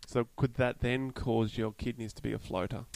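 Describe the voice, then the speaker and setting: A man, co-hosting an educational podcast, explaining in an earnest, halting way. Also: mid-range voice, flat delivery, creaky, a little mellow, dry recording, rough recording. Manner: earnest, hesitant explaining with fillers. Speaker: podcast co-host. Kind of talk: casual educational chat.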